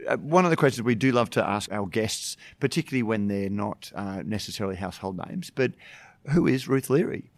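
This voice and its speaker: A man hosting a beer podcast, interviewing a guest at a conference in a relaxed way with filler words. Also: fairly low pitch, a little fast. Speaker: podcast host. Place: conference venue.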